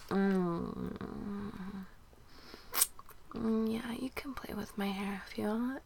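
A young adult woman in a whispered role-play, murmuring softly with breathy little giggles. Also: medium pitch, slow pace, long pauses, a little hiss or hum. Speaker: audio role-play performer.

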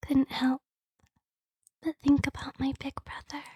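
Woman voicing a high-voiced, giggly younger sister, slow and teasing, whispered role-play, dry and close. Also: completely flat delivery, darkish tone, no room sound. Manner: playful, breathy whispering with frequent giggles.

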